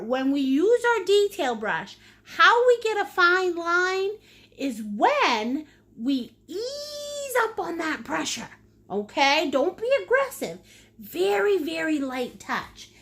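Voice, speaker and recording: A woman's voice: very high-pitched, a bit bright. A woman leading a live painting lesson, chatty and playful, with sing-song asides. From United States. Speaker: painting instructor.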